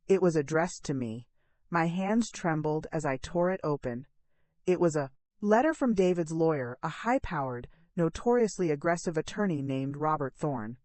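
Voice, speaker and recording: Low-voiced woman narrating a dramatic story. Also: darkish tone, no echo.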